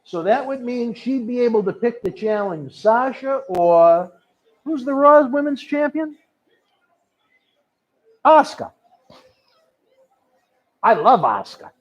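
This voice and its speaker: A chatty male host rambling through a wrestling watch-along in a high, very animated voice. The recording sounds a bit dull and lo-fi. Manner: chatty, rambling, quick to laugh.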